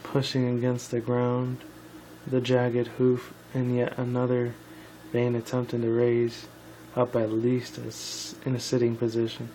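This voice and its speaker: A man's voice: mid-range voice, completely flat delivery, unhurried, warm tone, a little hiss or hum, rough recording. Tired young man reading aloud, stumbling. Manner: stumbling, self-correcting, with asides. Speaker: fan fiction reader. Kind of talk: casual story reading.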